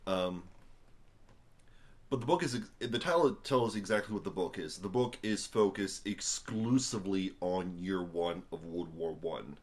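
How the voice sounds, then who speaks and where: A man's voice: deep voice, a little slow. A young American man, tired after a long day, rambling casually at home into a camera on a tripod, full of fillers and wry asides. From United States. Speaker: vlogger reviewing a book. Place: at home indoors.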